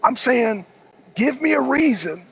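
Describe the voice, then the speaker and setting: A man's voice: extremely high pitch, animated, unhurried, vocal fry, fairly bright tone, slightly rough. A man co-hosting a political talk show, arguing heatedly, repeating himself and mocking the people he is answering. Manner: argumentative, repetitive, mocking. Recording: dull lo-fi stream audio with faint noise.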